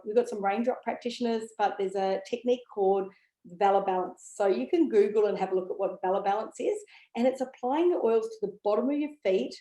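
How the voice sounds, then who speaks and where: Mellow-voiced chatty woman in an echoey room. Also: mid-range voice. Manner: chatty and enthusiastic, many ums and okays. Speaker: essential oil educator. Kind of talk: casual product talk to camera.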